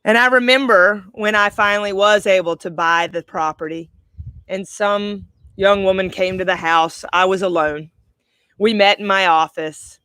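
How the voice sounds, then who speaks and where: A middle-aged woman life coach giving a heartfelt, reflective monologue, slowing down for emphasis. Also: medium pitch, steady tone, bright, forceful tone, clear, resonant tone, dry recording. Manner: heartfelt, slow and emphatic in places. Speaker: life coach, podcast host.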